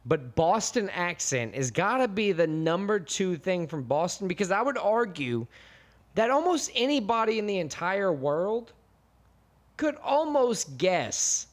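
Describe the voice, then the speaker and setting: An American man co-hosts a podcast in casual chat, rambling and restarting as he goes. His voice is high and very animated, and he speaks a little slowly.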